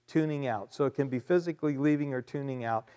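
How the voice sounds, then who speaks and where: A man's voice: medium pitch, quick pace, mellow, smooth. A man preaching a sermon as pastor, emphatic and conversational, often repeating key phrases and adding asides to his congregation.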